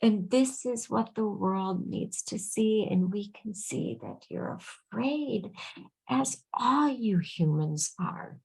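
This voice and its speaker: On a video call, a woman channels intuitive readings, speaking slowly and soothingly as a collective "we" and often murmuring "dear one." Her medium-pitched voice is animated yet creaky and husky, sometimes dropping to hushed whispers, and the recording is rough.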